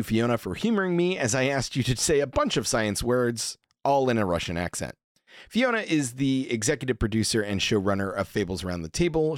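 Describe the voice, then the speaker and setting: A man's voice: medium pitch, dry recording, studio quality. A man who is the game master and host of a tabletop podcast, reading the episode credits in an upbeat announcer style.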